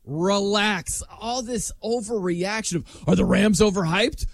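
A man hosting a sports talk show, animated and jokey, often laughing as he talks. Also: sits high, moderate pace, vocal fry, dry recording. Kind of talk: casual sports chat.

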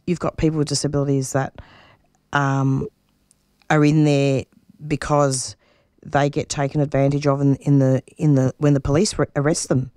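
A middle-aged woman with a low voice speaks in earnest, reflective interview answers. She often starts a phrase over while she searches for the right words. The recording is dry and close, with no room sound. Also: flat delivery, moderate pace, warm tone, no echo. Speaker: radio show producer and interviewee.

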